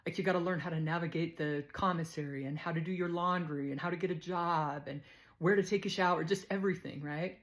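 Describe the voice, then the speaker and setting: A woman's voice: lowish voice, steady tone, a little fast. A woman telling a personal story in a casual, chatty way, laughing easily.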